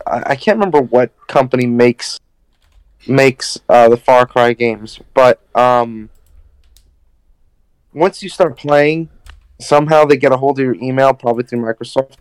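A man's voice: medium pitch, fairly even intonation, measured pace, long pauses, smooth, no room sound. A man co-hosting a casual chat, laid-back and rambling. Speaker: podcast co-host.

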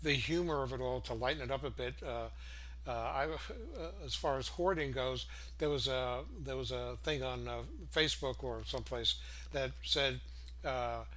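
A man's voice: mid-range voice, moderate pace, pushed and bright. An older man co-hosting a casual chat, chuckling often and hesitating with many fillers. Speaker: co-host.

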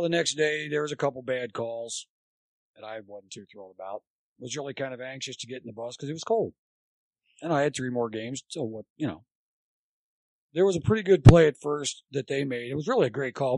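A man's voice: medium pitch, a little fast, no room sound. An older man telling baseball coaching anecdotes in a casual podcast chat, acting out what people said. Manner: animated anecdote teller, acts out quotes. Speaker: podcast guest, former college baseball coach.

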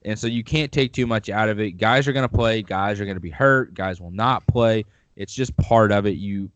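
A man co-hosting a casual sports podcast, talking through football in a measured, explanatory way. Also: lowish voice, no room sound. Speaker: podcast co-host.

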